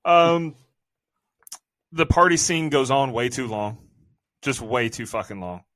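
A man's voice: mid-range voice, lively intonation, slow pace, fairly bright tone. A man co-hosting a casual movie review podcast, venting in a profane, exasperated rant. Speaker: podcast co-host.

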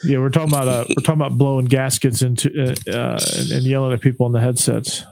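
A man hosting a casual sports chat, playful and quick to laugh. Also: medium pitch, little pitch movement, creaky, darkish tone, rough recording.

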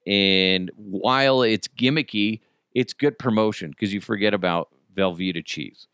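A man's voice: fairly low pitch, unhurried, a bit bright, clear, resonant tone, dry recording, studio quality. A man hosting a comedy podcast, talking in a crude, joking, rambling way. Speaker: podcast host.

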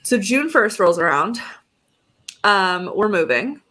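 A woman's voice: medium pitch, very animated, takes it slowly, bright, forceful tone. A young adult woman co-hosting a podcast, telling a story in a casual chat and acting out both sides of phone calls. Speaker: podcast co-host.

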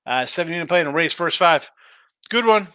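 Animated bright-voiced man giving betting picks. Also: a little high, a little fast, no echo. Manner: animated, rambling, trash-talking teams. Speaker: sports betting show host. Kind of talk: live sports betting picks chat.

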